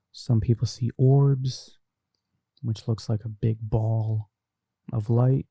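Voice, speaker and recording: With a mellow, mid-range voice carrying vocal fry and a breathy edge, this young man hosts a laid-back podcast, reading out live chat comments and talking them over. The sound comes from a desk mic run through a mixer, with no echo.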